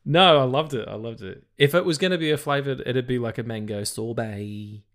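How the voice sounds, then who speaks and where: A man co-hosting a film podcast in loose, chatty talk. He rambles, swears freely and trips over his words, restarting sentences as his thoughts outrun him. His voice sits at a middle pitch. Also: fairly quick, a bit bright. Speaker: podcast co-host. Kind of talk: casual film podcast chat.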